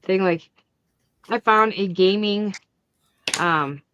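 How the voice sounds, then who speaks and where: A woman hosting a crafting channel, chatting casually and acting out the family arguments in her story with lively energy. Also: mid-range voice, takes it slowly, slight background noise. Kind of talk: casual chat.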